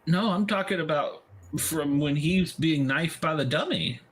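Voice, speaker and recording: A man's voice: on the high side, measured pace, a bit bright, husky. A man co-hosting a podcast in casual banter, joking crudely. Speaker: podcast co-host.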